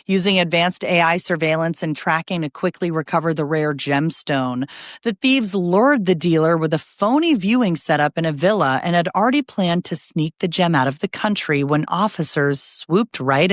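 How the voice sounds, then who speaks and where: Female news host, lowish voice, brisk roundup with chatty asides, dry close mic. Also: no echo.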